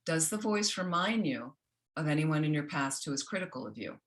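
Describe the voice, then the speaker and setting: A woman teaching a self-compassion workshop, gentle and instructional, often checking in with the group. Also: deep voice, expressive, brisk. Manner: gentle, keeps checking in with "okay?".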